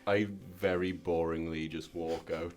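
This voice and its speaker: A man playing a tabletop game who announces his moves dead flat and understated. His voice is very deep. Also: a little slow. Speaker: player.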